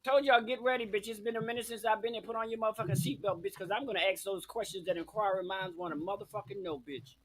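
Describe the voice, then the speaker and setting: Bright high-voiced sassy male talk host. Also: fairly even intonation, quick pace, few pauses, a little hiss or hum. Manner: camp, profane, teasing, heavy on "bitch" and "honey". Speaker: host of a live online talk show. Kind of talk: brash, sassy live chat. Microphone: webcam at home.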